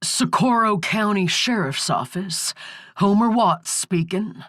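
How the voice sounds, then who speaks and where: A woman's voice: mid-range voice, slow pace, fairly bright tone, no echo, clean studio sound, voice pushed up. A woman voicing a male small-town sheriff who answers the phone with polite, formal patience. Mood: puzzled.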